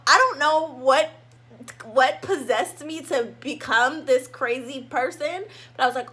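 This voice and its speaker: A young woman tells a storytime in a casual vlog with a bright, high-set voice. She is animated and acts out her own past lines with drama. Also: a little slow. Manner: animated, dramatic reenactments of herself. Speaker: vlogger.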